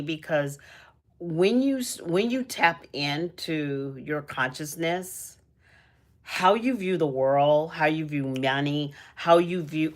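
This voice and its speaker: Young woman on her livestream, low voice, slow and rambly, gets emotional easy. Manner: emotional, rambling with many restarts. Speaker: livestream host. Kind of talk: casual livestream chat.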